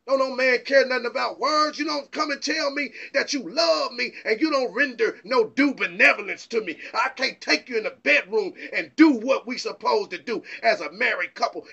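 Excitable stammering preacher man. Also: very high voice, creaky, breathy edge, lo-fi sound. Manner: emphatic, rhetorical questions. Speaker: Bible teacher. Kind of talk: informal preaching.

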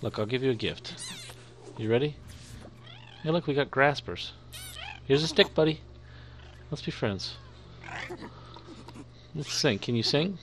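A man's voice: medium pitch, expressive, unhurried, pauses often, fairly bright tone, slight background noise. A young man giving playful let's-play commentary, chatting to the creatures on screen as he plays. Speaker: gaming YouTuber.

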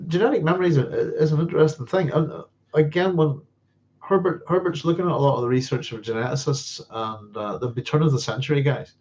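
This man has a medium-pitched, slightly mellow voice, and a little hiss or hum sits under the dull lo-fi audio. He hosts a live sci-fi Q&A, rambling casually through viewer questions with many fillers, restarts, and frequent chuckles.

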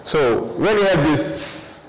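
A man's voice: a little high, lively intonation, slow pace, long reverb tail, low-quality recording. A man teaching an English review lesson, switching between English and with frequent fillers.

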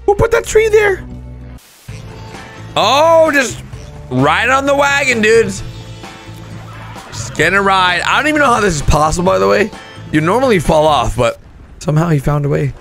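A young man commentating on gameplay clips with excited outbursts and shouts. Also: high-pitched, creaky. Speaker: gaming commentator.

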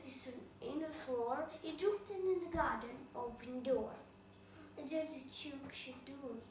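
女性がゆっくりと物語を読み上げる、ロシア訛りの英語、響く部屋. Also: female voice, high-pitched, a little mellow. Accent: Russian. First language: Russian. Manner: halting, uneven phrasing with slips. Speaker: reader. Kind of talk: storybook read-aloud, English practice. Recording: roomy, echoey, from far off, faint background noise.

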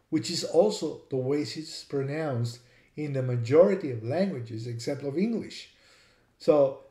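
A man gives a careful, explanatory language lesson, repeating word examples as he goes. His voice is mellow and warm. The recording carries a roomy echo. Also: mid-range voice. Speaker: language teacher and author. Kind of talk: scripted educational narration.

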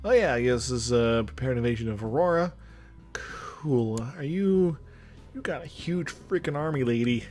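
A young man talking his way through a strategy game in a loose, rambling let's-play style, his pitch jumping around animatedly. He mumbles, hums little tunes and chuckles to himself between thoughts. Soft guitar music plays faintly underneath. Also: animated, normal speed. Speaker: gameplay commentator. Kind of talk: casual let's-play commentary. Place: indoor room with loud trucks outside.

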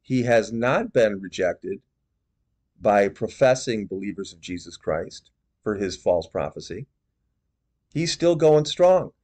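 A man giving measured, disapproving commentary on religious video clips. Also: fairly low pitch, animated, a little mellow.

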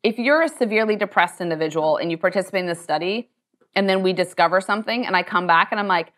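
A woman, a company co-founder and chief executive, answering onstage questions in a lively, chatty way with many "like" and "um" fillers. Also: medium pitch. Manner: talkative, quick, full of "like" and "um" fillers. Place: university lecture hall.

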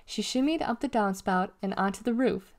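A woman's voice: medium pitch, normal speed. Woman reading a children's novel aloud. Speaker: reader.

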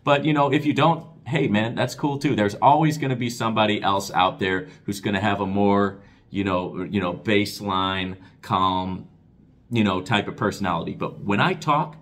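Man, low voice, casual Q&A vlog host. Excitable and expressive, chatty with viewers. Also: moderate pace. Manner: excitable, voice rises when excited; expressive, talks with his hands. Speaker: crypto channel host.

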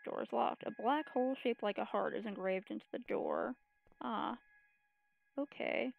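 A woman's voice: on the high side, lively intonation, moderate pace, creaky, narrow, tinny audio. A woman streamer casually thinking aloud while playing a puzzle game. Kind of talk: casual game let's-play commentary.

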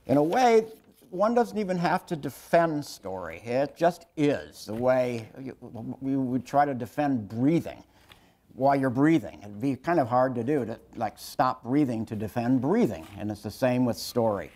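A man in his sixties giving a public lecture told through stories, wry and self-deprecating, often halting and restarting his sentences. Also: medium pitch, expressive, a little mellow. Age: 60s. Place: lecture hall with an audience.

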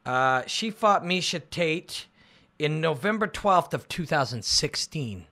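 A man hosting a casual livestream chat about fights, rambling and excitable, with lots of fillers. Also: on the high side, slow pace. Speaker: MMA analyst and show host. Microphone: phone and computer livestream.

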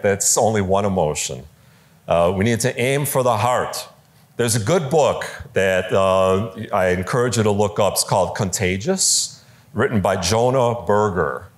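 A man with a lowish voice teaches preachers in a conversational talk before a live audience in a large room. He's lively, uses fillers, and acts out quoted voices.

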